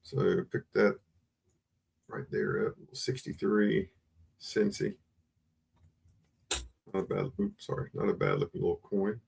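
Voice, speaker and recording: A man's voice: on the low side, steady tone, measured pace, gravelly, long pauses, darkish tone, slightly rough. A man hosting a casual live-stream coin sale, greeting viewers by name over and over in a chatty way. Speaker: livestream host selling coins.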